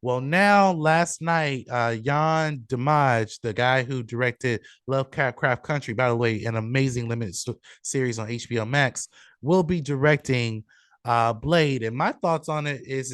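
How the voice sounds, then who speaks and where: A man's voice: on the high side, no echo, studio quality. A man hosting a casual podcast, reading out a listener's question and rambling through his thoughts with many fillers and restarts. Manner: rambling, filler-heavy, self-correcting. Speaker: show host.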